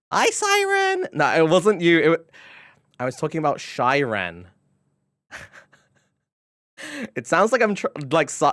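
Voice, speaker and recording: A man's voice: medium pitch, fairly bright tone, clear, resonant tone, no room sound, clean studio sound. Giggly British man chatting with viewers. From Britain. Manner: playful, giggly, reacting to chat. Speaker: streamer. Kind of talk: casual live-stream chat with viewers.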